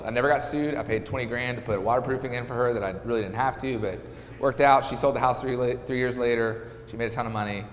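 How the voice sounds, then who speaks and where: A man in his thirties, a podcast guest and real estate agent, telling a candid personal story in a halting, conversational way. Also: medium pitch, fairly bright tone, long reverb tail, a little hiss or hum. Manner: conversational, halting with restarts and fillers.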